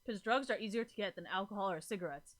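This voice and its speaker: A woman's voice: medium pitch, fast, a bit bright. Rambling, profane woman streamer. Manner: rambling, profane, fills every gap with "like". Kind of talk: casual chat to a live audience.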